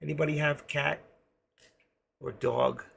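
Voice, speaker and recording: A man's voice: on the high side, level tone, unhurried, creaky, fairly bright tone, slight background noise. An older man with a New York accent and a trace of Florida, chatting casually with viewers while hosting a live trading stream from home.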